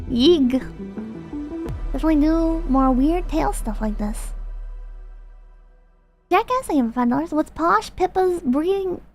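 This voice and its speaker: A young woman streamer chatting casually and rambling self-consciously as she reads viewer comments. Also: high voice. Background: background music.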